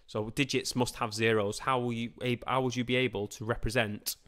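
A man teaching a live-streamed computer science revision lesson, chatty and informal, often asking and answering his own questions. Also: medium pitch. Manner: lively, playful put-on voices and quick asides.

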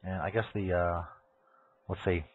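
A man's voice: deep voice, level tone, unhurried, a little hiss or hum. A man hosting a live podcast, ranting crudely and sarcastically. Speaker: podcast host. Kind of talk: profane live podcast rant. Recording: tinny phone-like audio.

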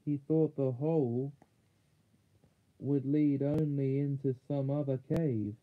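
Male storybook reader, slow and measured, mid-pitched, narrow phone-like sound. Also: steady tone. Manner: slow, measured, small slips corrected. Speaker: audiobook reader. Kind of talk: chapter book read-aloud.

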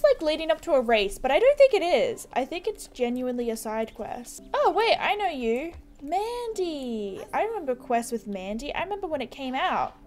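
A woman gaming YouTuber talking over her gameplay in a loose, chatty way. Her high voice rises and falls a lot as she drops wry, puzzled asides. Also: sing-song, normal speed, a little mellow, faint music behind. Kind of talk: casual gameplay commentary.

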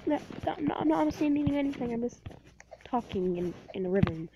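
A woman's voice: fairly high pitch, expressive, brisk, warm tone, muffled recording, slight background noise. A woman giving casual, playful gameplay commentary, rambling and talking to herself. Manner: rambling, playful self-talk. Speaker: gameplay video host.

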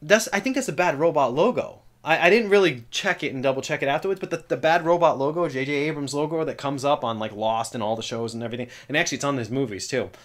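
Young guy rapid-fire rambling about movies, gets loud when he acts stuff out. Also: on the high side. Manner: rambling, animated, acts out quotes with loud outbursts. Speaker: podcast host. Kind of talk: casual chat about films.

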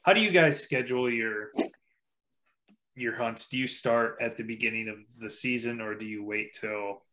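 A man's voice: mid-range voice, fairly even intonation, normal speed, bright, forceful tone. A male podcast co-host chatting in an easygoing way, asking questions and laughing often. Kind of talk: casual podcast chat.

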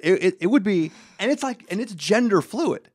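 A young man hosts a laid-back comedy podcast, telling animated, joking stories and laughing frequently. His high-pitched, slightly rough voice moves at normal speed, captured in clean studio sound with no echo.

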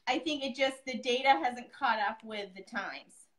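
A woman's voice: on the high side, a little slow, a bit bright, poor audio. A woman in her thirties, a guest painter chatting casually on a live demo, joking and telling stories. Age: 30s.

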